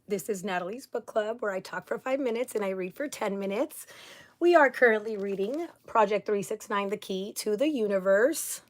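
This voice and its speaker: A woman's voice: medium pitch, moderate pace. A woman hosting a casual livestream. She chats upbeat and effusive, greeting viewers one by one. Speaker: livestream host.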